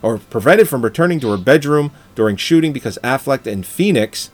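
A man's voice: mid-range voice, animated, a little fast, soft background music. Joking man in casual film chat. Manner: jokey, swears, laughs often, reads article aloud. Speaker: podcast co-host.

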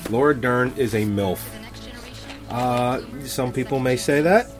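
A man's voice: mid-range voice, a little slow, faint music behind. A man in his thirties chatting casually as co-host, blunt and profane, often laughing. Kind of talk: casual chat.

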